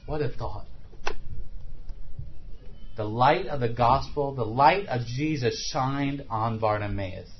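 A man's voice: mid-range voice, normal speed, muffled recording, slight background noise. A man preaching a sermon in a conversational way, often asking rhetorical questions.

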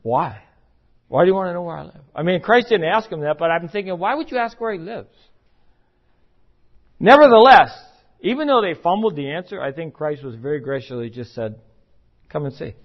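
A man preaching a sermon in an emphatic, conversational way, now and then acting out the voices he quotes. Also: on the high side. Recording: muffled, lo-fi recording.

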